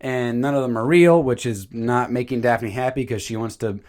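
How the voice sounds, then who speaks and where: A man's voice: medium pitch, moderate pace. A man reviewing a movie in a casual, jokey commentary. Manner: animated, jokey, slips into silly voices.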